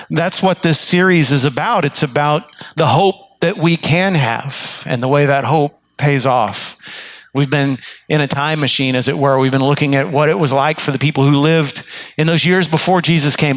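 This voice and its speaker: A man's voice: mid-range voice, a bit bright, dry recording. A man preaching a sermon as pastor, telling stories earnestly and restarting his phrases often. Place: church sanctuary.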